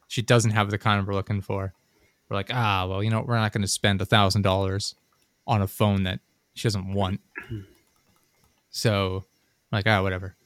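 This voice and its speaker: Low-voiced man telling a rambling story. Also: a bit bright, dry recording. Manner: rambling storytelling with fillers and swearing. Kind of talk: casual chat.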